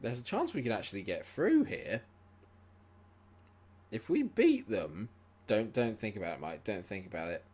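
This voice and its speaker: A man streaming a football management game, muttering, then shouting and swearing at the match. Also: on the low side, huge pitch swings, brisk, few pauses. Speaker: gaming streamer. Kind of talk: live gameplay commentary.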